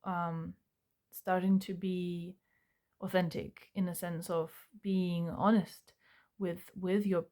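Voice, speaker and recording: This is a young woman, her voice sitting a little low. She talks to camera in an earnest, searching way. Her sentences stop and restart, with plenty of fillers along the way. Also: little pitch movement, slow, mellow. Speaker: self-help vlogger. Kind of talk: reflective personal talk to camera.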